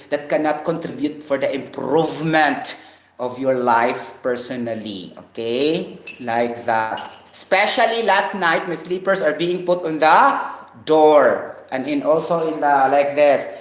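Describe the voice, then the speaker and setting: A man's voice: a little high, a bit bright. A man from the Philippines, vlogging in a rambling, preachy monologue and tagging phrases with a questioning "okay?". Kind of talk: casual vlog monologue. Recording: roomy echo.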